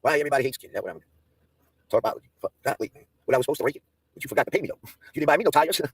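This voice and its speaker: A man's voice: medium pitch, lively intonation, rapid-fire, husky, no room sound. A man hosting a livestream, ranting in a profane, confrontational way that keeps restarting and repeating itself. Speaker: livestream host. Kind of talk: heated livestream rant.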